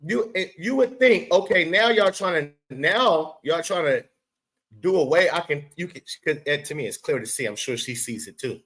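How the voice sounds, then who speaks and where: High-voiced man ranting in casual commentary. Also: animated, moderate pace, fairly bright tone, poor audio. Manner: profane, emphatic, talks straight to the person he discusses. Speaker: show host.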